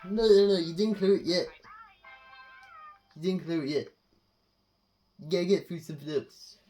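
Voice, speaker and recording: A deadpan companion voice, as a woman puts it on, mellow and dark in tone. It delivers flat, matter-of-fact remarks while guiding a player through a game, with soft game music underneath. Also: on the low side, normal speed, pitched below the performer's own voice, lightly acted.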